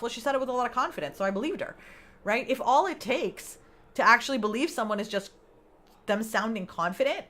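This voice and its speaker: A woman's voice: on the high side, expressive, brisk, a bit bright. A woman hosting a casual live stream, chatting with viewers, laughing often and acting out her own inner voice. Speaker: livestream host.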